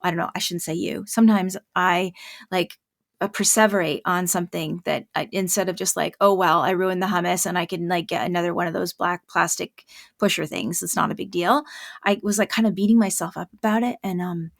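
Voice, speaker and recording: A middle-aged woman hosting a podcast in casual conversation. She rambles warmly through stories with plenty of fillers and quick laughs. Her voice has a creaky, gravelly texture, and the recording is dry and close. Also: fairly low pitch, steady tone, no room sound. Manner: chatty storyteller, laughs often, many fillers. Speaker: podcast host and parent coach.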